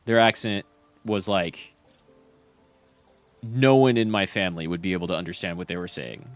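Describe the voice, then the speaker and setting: A man's voice: sits low, steady tone, moderate pace, no room sound, soft background music. A young man streaming a game and chatting casually, rambling with lots of fillers and restarts.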